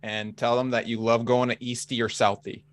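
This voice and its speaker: A man's voice: medium pitch, level tone, moderate pace. A man from the area, co-hosting a casual podcast stream and teasingly reading out viewers' chat. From Boston area. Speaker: podcast co-host.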